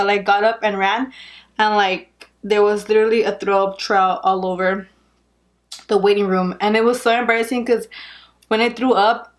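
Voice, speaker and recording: A young woman vlogger telling a personal story in a casual, animated way, laughing often and saying "like" a lot. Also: mid-range voice.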